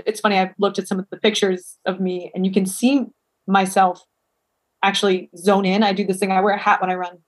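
A woman guest chatting candidly and casually, often saying "like". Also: mid-range voice. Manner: candid, laughs easily, says "like" often. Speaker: guest runner. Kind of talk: casual chat.

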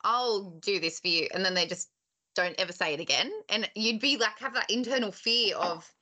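Podcast host, woman, bright forward voice, supportive interviewer. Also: medium pitch, normal speed. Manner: warm, affirming interviewer, asks open questions.

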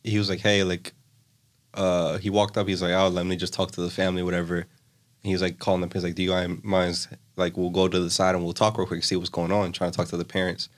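A man's voice: low voice, flat delivery, quick pace. A young man casually retelling a story in a loose, rambling way, full of filler words. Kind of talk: casual chat.

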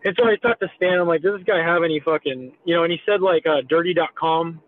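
A man's voice: on the high side, fast, no room sound. A man in his thirties telling a story in a casual, profane, laid-back way, as a guest. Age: 30s. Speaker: guest, meme creator. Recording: tinny phone line.

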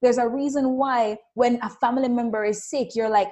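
A woman with a fairly high voice talks through a motivational story about intuition and selling. She tells it casually and acts out the people she quotes with lively shifts in tone. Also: normal speed. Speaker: spiritual business coach.

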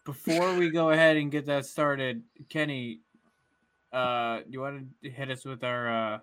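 A man's voice: medium pitch, measured pace, smooth. A man hosting a podcast in an easygoing way. He hesitates a lot and fills gaps with ums while he steers the chat. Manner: relaxed, hesitant, lots of ums. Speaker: podcast host. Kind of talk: casual chat.

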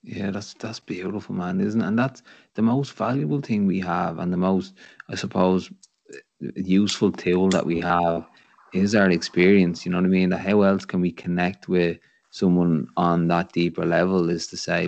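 Deep gravelly Dublin man, reflective. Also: flat delivery, normal speed, a little mellow, highs cut off, a little hiss or hum. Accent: Irish, Dublin. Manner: reflective, rambling, says "you know what I mean" often. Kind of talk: casual podcast conversation.

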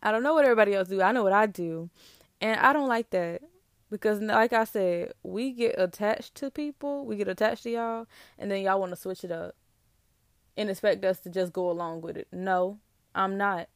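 A woman's voice: mid-range voice, no echo, clean studio sound. Sassy young woman ranting. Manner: sassy, animated, emphatic with laughs. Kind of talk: casual relationship rant to camera.

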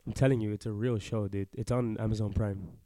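A man's voice: lowish voice, steady tone, brisk, warm tone, dry recording. A young man co-hosting a casual podcast chat, laid-back and swearing often, a bit congested. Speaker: podcast co-host.

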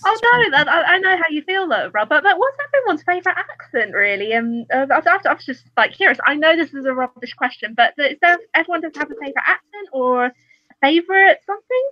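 A woman's voice: sits high, sing-song, fast, no room sound, highs cut off. A woman guest on a casual live-stream chat, hesitant and rambling.

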